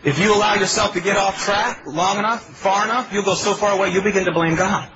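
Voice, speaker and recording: A man's voice: high voice, brisk, dull audio, noisy background. A male pastor preaching a sermon in a pleading, emphatic way, asking his congregation questions. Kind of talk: expository sermon.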